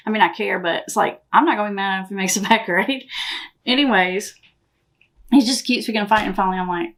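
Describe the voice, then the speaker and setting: A woman's voice: fairly high pitch, quick pace. Woman, 30s, counselor host. Casual advice talk, conversational. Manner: conversational, retells her own quotes in a raised voice.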